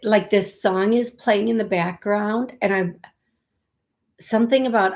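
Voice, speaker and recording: Slow, halting woman giving a psychic reading. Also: mid-range voice, fairly even intonation, a little mellow. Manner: halting, repeats words, thinks aloud. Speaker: psychic medium host.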